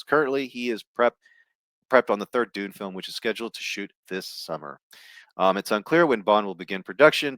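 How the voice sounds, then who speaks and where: A man with a fairly low voice rants through the film news, cursing freely and cutting into the headlines he reads with blunt asides. The sound is dry and close, with no room around it. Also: a bit bright, no room sound. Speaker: movie news YouTuber. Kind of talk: casual ranting commentary.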